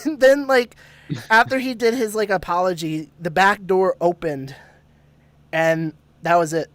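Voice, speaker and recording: Guest, man, animated profane storyteller, laughs through it, dry close sound. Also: sits high, measured pace, no echo. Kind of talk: casual storytelling.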